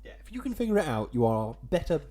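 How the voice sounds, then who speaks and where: Young guy, dry wordy podcast host, pokes fun at himself, lively voice. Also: a little high, quick pace. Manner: dry, wordy, self-mocking. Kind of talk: casual podcast chat.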